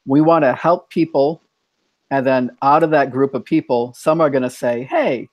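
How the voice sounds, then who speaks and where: A man's voice: medium pitch, normal speed, no echo, lo-fi sound. An American man hosting a casual online chat, thoughtful, often restarting his sentences. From United States. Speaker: host.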